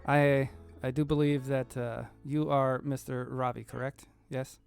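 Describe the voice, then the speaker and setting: A man voicing a haughty, scheming dark elf man in a tabletop game, with a throaty put-on French accent and a formal, halting manner. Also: medium pitch, little pitch movement, gravelly, soft background music. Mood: sly.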